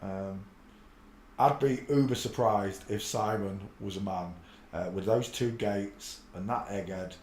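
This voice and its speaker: A man's voice: fairly low pitch, measured pace, a little mellow, a little hiss or hum. A man hosting a casual live stream, rambling and muttering to himself as he searches for clips. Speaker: channel host. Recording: echoey room.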